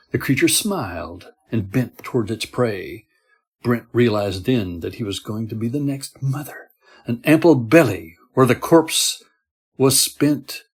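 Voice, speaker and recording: A man reading a horror story aloud in a steady, measured storytelling manner. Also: mid-range voice, breathy edge. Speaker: story narrator. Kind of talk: scripted horror narration.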